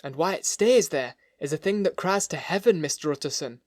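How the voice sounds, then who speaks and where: A frightened old butler with a harsh, broken voice, pitched a little high and pressing with urgency, as a male narrator puts him on. The voice is recorded dry and close for a storybook audiobook. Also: slow pace, no echo. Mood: anguished. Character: frightened loyal male butler, older, nerves jangled.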